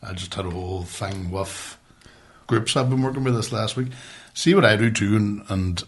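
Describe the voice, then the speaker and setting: A man's voice: on the low side, normal speed, husky. A man co-hosting a podcast, telling rambling, sweary stories in casual chat. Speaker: podcast co-host.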